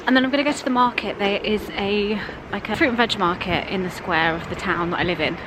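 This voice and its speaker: A young woman, chatting casually to camera in a vlog about family life, laughing often and talking softly to her son. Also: mid-range voice, quick pace, noisy background. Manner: chatty and self-deprecating, often laughing, with soft baby talk to her son. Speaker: vlogger. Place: home and outdoors in town.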